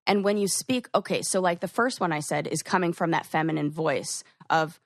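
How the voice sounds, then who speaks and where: A woman's voice: deep voice, a little fast, few pauses, no echo, studio quality. A woman co-hosting a podcast in casual chat, acting out quoted phrases as she explains. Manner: chatty, acts out quoted phrases. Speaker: podcast co-host.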